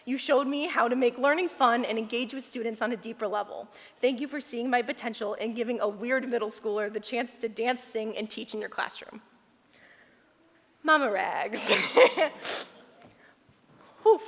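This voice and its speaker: A woman's voice: a little high, moderate pace. A teenage girl reading a heartfelt speech to her teachers at a ceremony, laughing often and getting emotional. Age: late teens. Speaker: graduating student giving a speech. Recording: long hall reverb.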